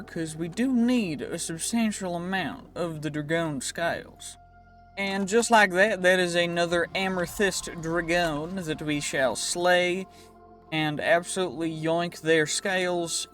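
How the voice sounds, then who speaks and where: A man's voice: a little high, a bit bright. Playful young man narrating a game. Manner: rambling, playful, with goofy put-on phrasing. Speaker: gaming video creator. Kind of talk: casual Minecraft let's-play commentary.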